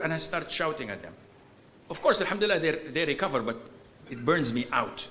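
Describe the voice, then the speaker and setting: A man giving an informal Islamic lecture, blunt and animated, with bursts of exasperated humor and Arabic religious terms in his English. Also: fairly high pitch, fairly quick. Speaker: Islamic preacher. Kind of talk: informal lecture answering a question.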